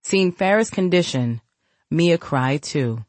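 Low-voiced woman narrating an audiobook. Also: animated, slow, darkish tone, dry recording. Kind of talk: scripted narration.

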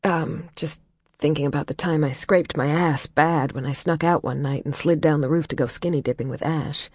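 Woman doing young female pop singer, wry and shy, low pitch, very raspy, dry close sound. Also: fairly even intonation, moderate pace, darkish tone, no echo. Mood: sheepish. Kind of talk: audiobook character voice.

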